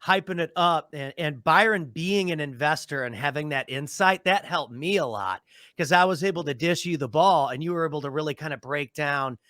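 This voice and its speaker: A man who was the event hype man, a guest in a casual interview, talking with high energy. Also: normal speed, bright, forceful tone, dry recording, clean studio sound.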